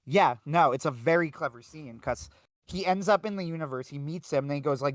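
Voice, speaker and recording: A man's voice: on the high side, a little fast, dry recording, studio quality. A man co-hosting a livestream, talking casually about a film with lots of fillers and restarts. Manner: animated retelling with frequent fillers and restarts. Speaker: podcast co-host.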